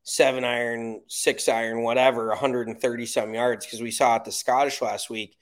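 An American man rants bluntly about golf, swearing freely as he goes. His pitch sits in the middle of the usual range. It is loose, unscripted podcast chat. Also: little pitch movement, normal speed. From United States. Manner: blunt, profane ranting. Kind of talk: casual chat.

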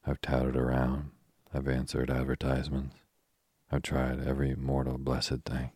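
A man's voice: extremely low pitch, completely flat delivery, darkish tone, slightly rough, no echo, studio quality. A man reading as a frank, spirited young woman. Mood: fretful. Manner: chatty and blunt, quick to exclaim.

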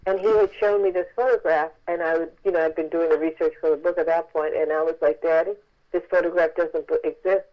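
A woman author telling a story in a phone interview, lively and acting out the voices of the people she quotes. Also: sits low, fast, highs cut off.

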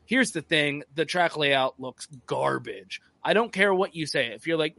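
A man's voice: fairly high pitch, lively intonation, unhurried, creaky, hardly any pauses, pushed and bright, dry recording. A man co-hosting a podcast, talking in a blunt, ranting, casual way and swearing often. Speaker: podcast co-host. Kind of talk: casual profane chat.

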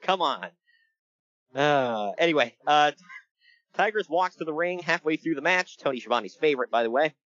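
Male podcast co-host, playful and animated, slightly higher pitch, dry muffled recording. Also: moderate pace, no room sound. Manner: animated, jokey, laughs often. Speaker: podcast co-host recapping wrestling. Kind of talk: casual chat.

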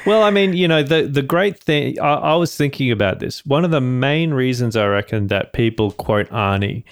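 A man's voice: mid-range voice, animated, moderate pace, smooth, no room sound, clean studio sound. A man co-hosting a movie podcast, talking casually with lots of fillers and restarts. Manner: rambling, filler-heavy. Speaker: podcast co-host. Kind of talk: casual chat.

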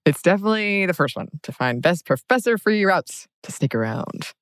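A woman co-hosting a podcast, easygoing and quick to giggle. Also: lowish voice, very animated, dry recording, studio quality. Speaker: podcast co-host. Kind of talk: casual chat.

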